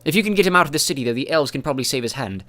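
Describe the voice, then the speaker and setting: A man's voice: medium pitch, lively intonation, rapid-fire, pitched above the performer's own voice. A man reading an audiobook, voicing a cheery, knowing woman warrior with magic in a raised, teasing voice. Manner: bright, teasing, breezy.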